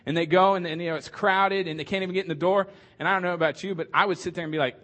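Chatty pastor with a higher voice. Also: male voice, fairly even intonation, racing, hardly any pauses, fairly bright tone. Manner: conversational, joking, many fillers. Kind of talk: casual sermon.

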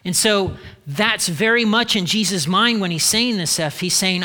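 A male pastor delivering a lively sermon in a high, bright voice. He preaches with animation, dropping into short spoken voices to act out what he describes. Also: moderate pace, hardly any pauses.

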